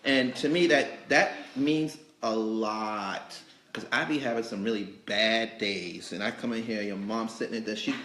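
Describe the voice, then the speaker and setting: A man's voice: fairly low pitch, measured pace. Rambling man host in an echoey room. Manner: rambling, animated storytelling. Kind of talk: casual interview chat. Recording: echoey store, faint noise.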